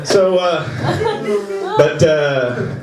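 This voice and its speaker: A man performing a stand-up comedy set on a club stage, talking to the audience and jumping into high voices for the people he quotes. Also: very slow, very noisy. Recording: roomy live club sound from a distance. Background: audience laughing.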